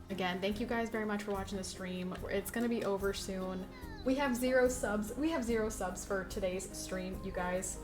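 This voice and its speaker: Woman streamer, casual live commentary, mid-range pitch, half-pleading and half-scolding at her game, game music audible under the voice. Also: fairly even intonation, moderate pace. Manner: chatty, scolds and pleads with the game animals, laughs at herself.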